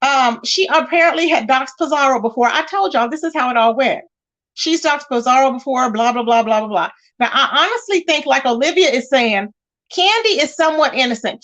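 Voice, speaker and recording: High-voiced sassy woman chatting live. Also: fairly bright tone. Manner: chatty, sassy, greets viewers by name. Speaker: livestream host. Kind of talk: casual live chat, reading viewer comments.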